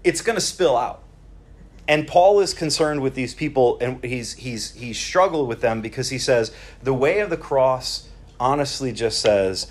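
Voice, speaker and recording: Male preacher, casual teaching sermon, animated, acts out quotes, frequent restarts. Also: mid-range voice, a little slow. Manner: many restarts and repeated words. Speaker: preacher teaching a Bible series.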